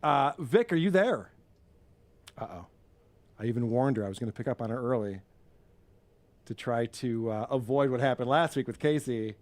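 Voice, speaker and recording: A man's voice: mid-range voice, animated, moderate pace, pauses often, darkish tone. A man hosting a casual podcast quiz game, loose and joking, who swears and laughs often.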